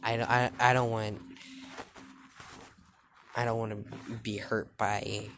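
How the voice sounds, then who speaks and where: A hurt, bitter young boy who stumbles over his words, as a woman storyteller voices him. It stays close to her own deep, slow voice. A noisy hiss sits underneath. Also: little pitch movement, full character voice. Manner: halting, stammering, bitter.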